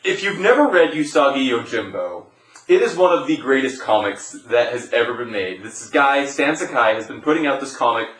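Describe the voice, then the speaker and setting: A man's voice: mid-range voice, animated, normal speed, a bit bright. A man co-hosting a casual podcast, talking enthusiastically and rambling a little. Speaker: podcast co-host. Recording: roomy echo.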